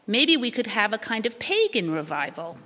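A woman's voice: on the high side, big pitch swings, moderate pace, bright, forceful tone, long reverb tail, exaggerated voice. A woman reading the lines of an uneasy, earnest churchgoing woman.

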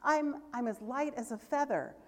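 A woman's voice: high voice, moderate pace, in a large hall, voice pushed up, close to an everyday voice. A woman voicing an elated, giddy old miser man who talks in breathless exclamations, read aloud in a church service.

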